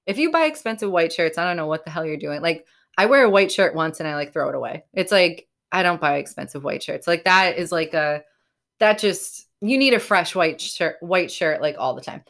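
A woman's voice: fairly low pitch, fairly quick. Chatty young woman, casual and sweary. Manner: animated quoting of herself and others. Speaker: vlogger. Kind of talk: casual chat.

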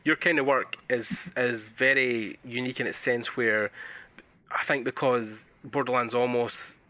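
A man's voice: mid-range voice, fairly even intonation, a little slow, bright, forceful tone, no echo. A man with a Scottish accent hosting a podcast, chatting casually and telling stories with enthusiasm. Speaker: podcast host.

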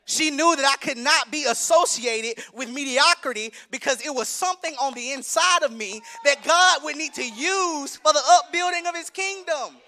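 A young adult man preaching a sermon, emphatic and conversational, rising to shouts. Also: very high-pitched, normal speed, few pauses. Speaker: minister preaching.

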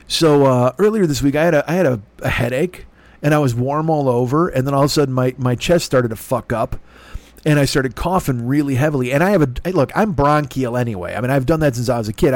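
A middle-aged man hosting a podcast, rambling through a profane, self-deprecating comedic monologue with a rough throat and a stuffy nose. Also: medium pitch, a little mellow, no room sound. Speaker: podcast host.

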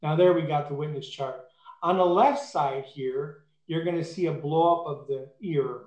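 A man's voice: a little high, moderate pace, a little mellow. A man preaching a sermon in an emphatic way, rising to fervent peaks. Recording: echoey room.

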